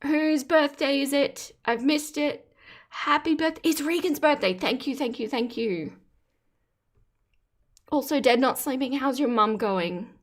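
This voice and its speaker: A woman hosting a live stream, with a fairly high voice, chatting casually and breaking into giggles. She greets her chat and teases what's on screen playfully. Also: a little slow, pauses often. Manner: giggly, laughs often, reads chat aloud; playful teasing commentary.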